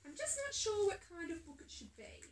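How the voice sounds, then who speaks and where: A determined little girl ferret from a storybook, hopeful and a touch stubborn, as a woman reads her aloud. Her voice sits high and swings up and down with a bright edge. It is caught on a phone from across an echoey room. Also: very animated, brisk, far from the mic, noisy background. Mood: eager.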